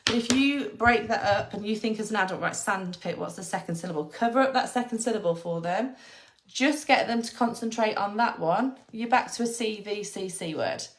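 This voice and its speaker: A woman's voice: a little high, normal speed, slight background noise. A woman, a former teacher, explaining phonics to parents and patiently sounding out letters one by one.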